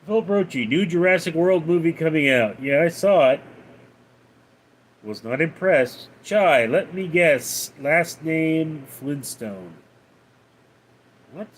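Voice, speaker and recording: A man hosting a casual livestream, reading out viewer messages and replying in a deadpan way. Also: a little high, takes it slowly, pauses often, a little hiss or hum. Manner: reads out viewer names and messages, deadpan replies. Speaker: livestream host reading chat.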